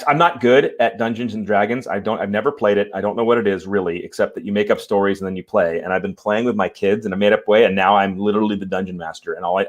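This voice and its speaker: A man hosting a live show from home, talking to viewers in a fired-up, emphatic way and apologizing after swearing. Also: lowish voice. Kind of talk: live-stream talk to viewers. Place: home room.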